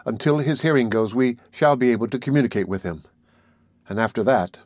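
A man's voice: mid-range voice, lively intonation, brisk, no echo, clean studio sound, lightly acted. A frail, weary young woman, read by a man. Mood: quiet. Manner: soft, tearful pleading.

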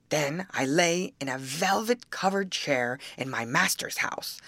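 A woman voicing a hoarse old male yard dog who grumbles on like a wise old-timer in a storybook, with a low, barking voice. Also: fairly bright tone, no room sound, full character voice.

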